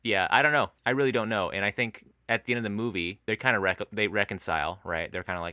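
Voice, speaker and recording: A man's voice: fairly low pitch, fast, hardly any pauses, no echo, studio quality. A man co-hosting a podcast, reviewing a film in casual chat, swearing freely and acting out scenes. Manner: animated, profane, acts out scenes. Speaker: podcast co-host.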